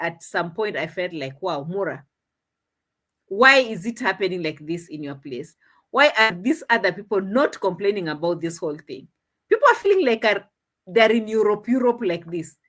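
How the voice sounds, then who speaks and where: A woman's voice: medium pitch, moderate pace. A woman giving a laughing, mocking reaction commentary on a village video. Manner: laughs often, mocking, animated retelling. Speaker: commentary vlogger.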